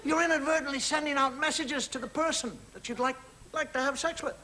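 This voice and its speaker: Man, stand-up comedian, very high voice, chatty asides to the crowd, noisy old TV recording with audience laughter. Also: a little fast. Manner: conversational, confiding asides to the audience; acts out little scenes with mimed sounds. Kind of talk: stand-up monologue to a studio audience. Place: television studio with live audience.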